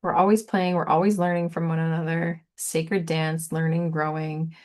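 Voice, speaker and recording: A woman giving a casual, meandering tarot reading, soft and giggly, repeating words playfully. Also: low voice, level tone, moderate pace. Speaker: tarot reader.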